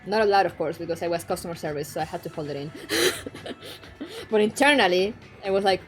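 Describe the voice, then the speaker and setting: A young woman streaming and chatting casually, frank and quick to swear, laughing often. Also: lowish voice, animated. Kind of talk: casual chat. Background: faint background music.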